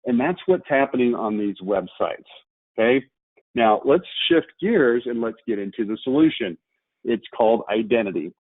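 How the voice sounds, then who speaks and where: A man's voice: mid-range voice, animated, normal speed, dry recording. A man giving a marketing webinar lecture, emphatic, with rhetorical questions and repeated key words. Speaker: marketing presenter. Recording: tinny phone-like line, dry.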